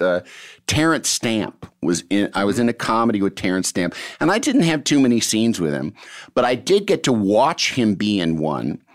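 A man, an actor, chatting casually and telling showbiz stories, acting out the people he quotes. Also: lowish voice. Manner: animated storyteller, acts out quotes. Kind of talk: casual conversation.

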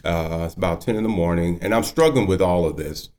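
A man in his fifties tells his story as a guest, his voice sitting low. He speaks earnestly, and feeling breaks through as he goes. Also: fairly quick, darkish tone. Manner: earnest, emotional. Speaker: guest, county judge. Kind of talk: personal storytelling.

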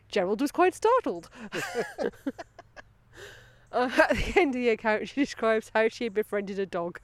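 A woman's voice: on the high side, lively intonation, measured pace, dry recording. A woman hosting a podcast outdoors on a woodland path, chatting casually, giggling and breaking off into asides while reading aloud. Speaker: podcast host.

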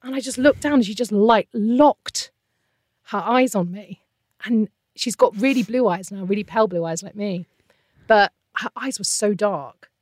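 A woman's voice: medium pitch, moderate pace, a little mellow, no echo. Middle-aged woman, interview guest, candid and emotional storytelling, close and dry sound. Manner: emotional, candid, often trailing off. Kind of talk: personal storytelling in conversation.

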